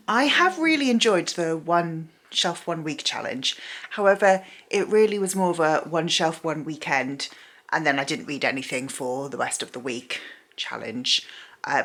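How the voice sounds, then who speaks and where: A woman's voice: fairly low pitch, a bit bright. A tired young woman in casual vlog chat at home at night, rambling and self-mocking. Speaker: book vlogger.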